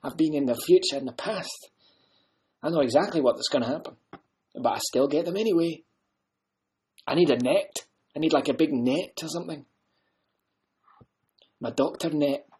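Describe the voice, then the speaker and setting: A man's voice: on the high side, moderate pace, pauses often, slightly rough. A man doing an impression of a blunt, rambling Scottish time-travelling Doctor, with a Scottish accent. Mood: ranting. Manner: rambling, blunt, loud bursts.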